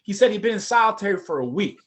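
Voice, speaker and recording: Animated high-voiced man telling his story. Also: quick pace. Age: middle-aged. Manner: animated, conversational, acts out voices. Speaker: former prosecutor telling his story at a forum. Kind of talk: personal testimony storytelling.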